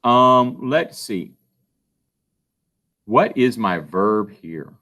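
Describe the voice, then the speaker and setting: A man's voice: fairly low pitch, lively intonation, extremely slow, pushed and bright. A male teacher giving a phonics lesson, patiently asking questions and answering them himself. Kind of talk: recorded classroom phonics lesson.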